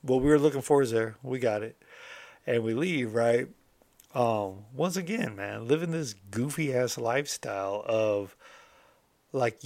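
Streetwise American man, middle-aged, low voice, candid storyteller, dry close sound. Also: no echo. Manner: candid, streetwise, swears freely. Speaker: motivational host telling his past. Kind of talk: casual storytelling monologue.

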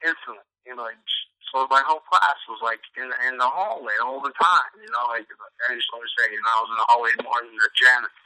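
Middle-aged new comic, loud and swearing a lot, super bright tense voice, dry close sound. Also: male voice, medium pitch, fast, dry recording, low-quality recording. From New York. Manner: loud, profane storyteller. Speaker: comedian guest. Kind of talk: casual interview chat.

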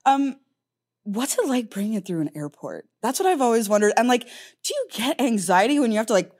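A woman's voice: on the high side, big pitch swings, a little fast, darkish tone. A woman interviewing a guest in a casual, chatty way, with lots of fillers. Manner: chatty, asks questions with frequent "like" and laughs.

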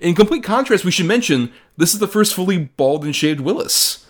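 A man's voice: high-pitched, animated, a little fast. A man co-hosting a movie podcast, chatting casually and rambling, with lots of "like", swearing and acted-out quotes. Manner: rambling, frequent "like", profane, acts out quotes. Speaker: podcast co-host. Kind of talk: casual movie review chat.

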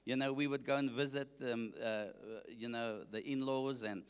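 A man's voice: mid-range voice, fairly even intonation, normal speed, smooth, long reverb tail. A man with a South African accent, an evangelist preaching his testimony to a congregation, joking and asking the listeners questions.

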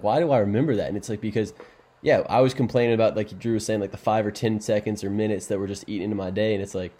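Low, mellow-voiced man talking fast. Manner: fast, animated anecdote telling with "like". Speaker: podcast co-host. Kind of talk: casual faith discussion.

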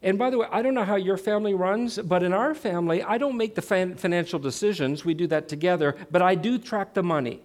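A man's voice: high voice, fast, hardly any pauses. A middle-aged man telling a personal story in a sermon, poking fun at himself and acting out the dialogue. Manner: self-mocking, dramatizes quoted dialogue. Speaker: Christian speaker.

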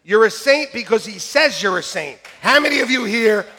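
A man preaching a sermon to his church, joking and lively, then turning quietly earnest. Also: sits high, normal speed. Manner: jokey and animated, swinging between loud punchlines and quiet earnest asides. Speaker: pastor. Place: church sanctuary with a congregation. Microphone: church sound system, live-streamed.

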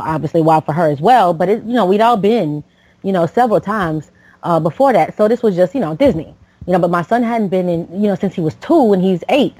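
A podcast host from Florida in her late thirties tells a personal story in a lowish, dark-toned voice, rambling with many fillers and restarts. The audio is dry and poor.

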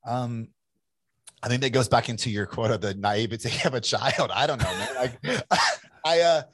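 A man's voice: mid-range voice, moderate pace, fairly bright tone, breathy edge, dry recording. A man in his forties from Kentucky, an entrepreneur telling his story in a candid, rambling interview with many restarts. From Kentucky, USA. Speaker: entrepreneur guest.

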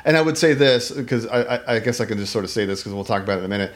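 Rambling, animated man chatting about films. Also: lowish voice, racing. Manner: animated, rambling, many restarts and fillers, acts out quotes. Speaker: podcast co-host. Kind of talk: casual film discussion.

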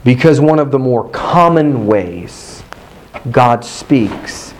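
A man's voice: mid-range voice, lively intonation, slow, rough recording. A man preaching a sermon in a hotel meeting room, building his points through rhythmic repetition and call-and-response with the congregation.

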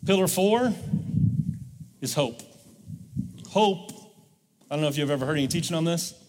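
Male pastor, preaching a sermon, fairly high voice, long church reverb, call-and-response. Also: expressive, normal speed, slight background noise. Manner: call-and-response, urging the congregation to repeat. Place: church sanctuary.

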